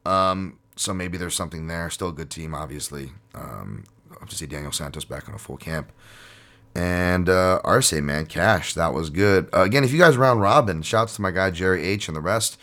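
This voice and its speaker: A man's voice: deep voice, moderate pace, sharp tone. A man hosting a podcast in casual chat, rambling and jokey with frequent swearing and fillers. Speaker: podcast host.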